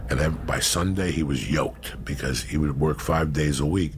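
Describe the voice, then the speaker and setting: Gravelly, very low-voiced raspy man. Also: moderate pace, slight background noise. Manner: brash, crude and animated. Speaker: storyteller guest. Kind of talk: profane casual storytelling.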